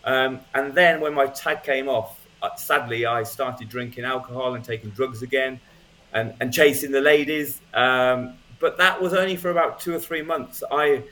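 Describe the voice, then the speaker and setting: A man's voice: mid-range voice, fairly bright tone. A man speaking as a guest, telling his personal testimony in a casual storytelling way, with frequent ums and restarts.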